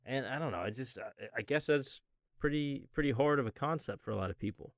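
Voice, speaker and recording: A man's voice: mid-range voice, a little fast, creaky, no room sound, clean studio sound. A man in a casual podcast chat, laid-back and reflective, swearing freely.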